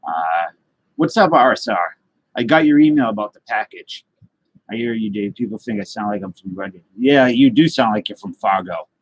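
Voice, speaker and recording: Husky guy chatting with viewers. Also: fairly low pitch, lively intonation, normal speed, poor audio. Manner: rambling, loose, greets chatters by name. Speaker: livestream host. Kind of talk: casual live chat reading viewer comments.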